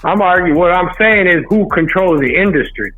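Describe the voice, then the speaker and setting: Man, high voice, tinny phone sound, quick pushback, faint music. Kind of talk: heated podcast debate.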